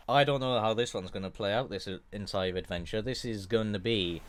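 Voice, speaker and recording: A young man giving excitable, fast-moving play-by-play of his own racing game, swearing when things go wrong. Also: medium pitch, slight background noise. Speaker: gaming YouTuber. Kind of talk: live racing game commentary.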